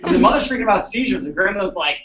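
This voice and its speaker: Man, chiropractor, chatty animated storytelling, dull distant mic, echoey room. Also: high voice, rapid-fire, crowd noise. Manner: animated, chatty, keeps asking "right?". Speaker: chiropractor presenting to colleagues. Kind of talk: storytelling talk to an audience.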